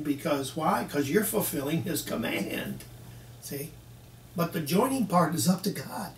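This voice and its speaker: A man preaching a folksy sermon who acts out both sides of little dialogues with the congregation. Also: on the high side. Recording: echoey room, mic at a distance, faint background hiss.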